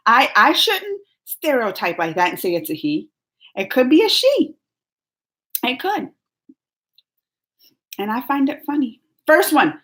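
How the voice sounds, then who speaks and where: A woman's voice: on the high side, very animated, measured pace, pushed and bright. A woman hosting a casual live stream, chatting and giggling as she reads viewer comments aloud. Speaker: YouTube reaction host.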